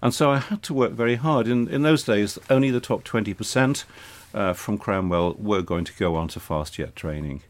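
A man's voice: fairly low pitch, normal speed, hardly any pauses. An older man, a retired air force officer, reminiscing in an interview with dry humour. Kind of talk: reminiscing in conversation.

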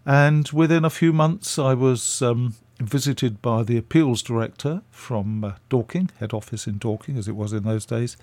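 A man's voice: medium pitch, moderate pace, few pauses, a little mellow, no echo. An older man from England, a radio interview guest, telling chatty stories with fillers.

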